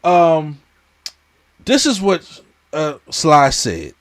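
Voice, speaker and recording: A man's voice: on the high side, wildly swooping pitch, very slow. A man hosting a casual pop culture podcast, talking animatedly and tripping over names as he reads quotes aloud. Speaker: podcast host.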